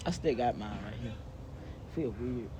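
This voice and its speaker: A man chiming into a casual improvised story with excited quoted lines. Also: a little slow, over music. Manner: chimes in with excited, high-pitched quoted lines. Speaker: co-host chiming in.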